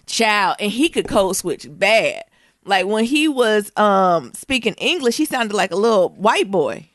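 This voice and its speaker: A woman podcast co-host telling a story in casual chat, animated and profane, laughing often and acting out what people said. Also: mid-range voice, a little slow, no room sound, clean studio sound.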